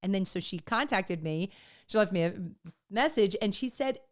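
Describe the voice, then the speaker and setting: A woman in her forties co-hosting a podcast, chatting casually and telling stories, acting out the quotes. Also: moderate pace. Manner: animated storyteller, acts out quotes with big pitch jumps. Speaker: podcast co-host. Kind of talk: casual chat.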